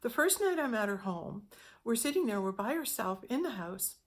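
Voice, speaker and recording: A middle-aged woman telling a personal spiritual story in an earnest, halting way, often repeating words as she goes. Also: on the high side, very animated. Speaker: spiritual teacher sharing a testimony.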